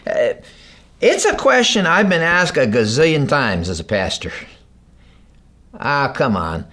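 A man's voice: on the high side, huge pitch swings, unhurried, a bit bright. A male pastor preaching a sermon in a conversational way, acting out the quotes as he goes.

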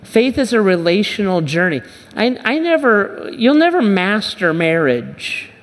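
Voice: mid-range voice, sing-song, measured pace. A pastor giving a conversational sermon, restarting and repeating phrases and acting out the Bible dialogue. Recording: long reverb of a large hall.

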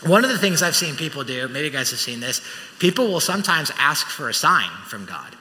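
Bright-voiced man preaching in a reverberant church hall. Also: fairly high pitch, fairly quick. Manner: animated storytelling, acts out voices. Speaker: pastor. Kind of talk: sermon. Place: church auditorium.

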